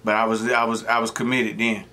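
A middle-aged man hosts an eating show, chatting casually between bites and drifting into joking stories. His voice is on the low side, flat and sharp in tone, and fairly quick.

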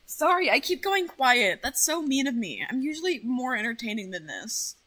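A woman streamer chatting casually, excitable and full of swearing as she rambles. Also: sits high, normal speed. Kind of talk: casual livestream chat.

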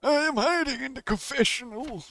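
A man voicing a frightened old-west male pastor, speaking slowly in a high, pleading voice. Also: bright, forceful tone, exaggerated voice. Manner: slow, high, pleading delivery.

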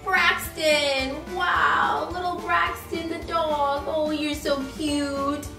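A young woman hosting a toddlers' learning video, speaking with gentle, exaggerated cheer, gasping and imitating animal sounds. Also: high-pitched, flat delivery, very slow, gravelly, distant mic, faint music behind. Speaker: children's educational video host. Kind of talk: teaching toddlers, slow and sing-song.

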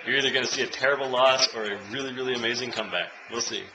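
A young man filming himself at home as he watches a football game, chatting and cheering loudly. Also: medium pitch, fairly even intonation, very fast, crowd noise. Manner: swings from quiet chat to loud cheering shouts. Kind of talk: casual vlog, reacting to live football. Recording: noisy home video recording.

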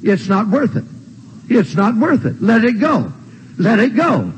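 An older man preaching a sermon in a church, emphatic and repetitive, with shouted refrains. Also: sits high, wildly swooping pitch, unhurried, breathy edge, poor audio. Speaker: pastor. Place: church sanctuary.

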